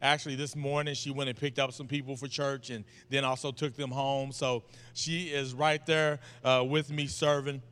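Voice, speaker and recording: A man's voice: medium pitch, moderate pace, hardly any pauses, smooth. A man, a guest preacher opening his sermon with folksy, joking stories. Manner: folksy, joking, animated storytelling. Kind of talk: informal sermon introduction. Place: church sanctuary. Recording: long hall reverb of a church.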